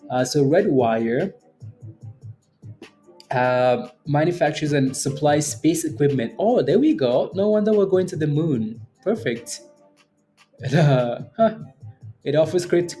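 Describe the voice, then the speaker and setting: A man's voice: fairly high pitch, warm tone. A man hosting a live day trading stream, chatting casually, joking and laughing often as he reads out viewer comments. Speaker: day trading livestream host. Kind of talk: casual livestream chat.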